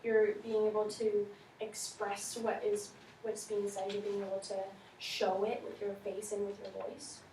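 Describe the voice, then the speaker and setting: Woman, teacher, lively questioning, classroom, echoey, distant mic. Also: mid-range voice, unhurried. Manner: lively, questioning, reads aloud to children. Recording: echoey room from far off, faint noise.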